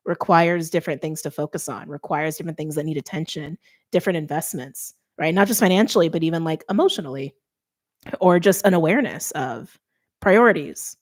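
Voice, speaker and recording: A middle-aged woman giving a casual tarot reading, chatty and thinking aloud with many fillers. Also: sits low. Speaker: tarot reader.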